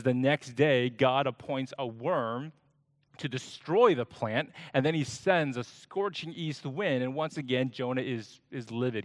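A male pastor delivers a sermon at an unhurried, measured pace. His mid-pitched voice sounds close and dry. He breaks into animated quoted speech to bring the text alive. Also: no room sound. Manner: slow, deliberate preaching with dramatic voiced quotes.

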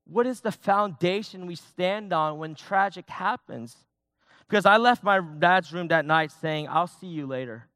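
A man's voice: high voice, a little slow, sharp tone, dry recording, studio quality. Conversational man preaching with restarts. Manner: personal, conversational preaching with many restarts and fillers. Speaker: youth pastor. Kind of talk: sermon.

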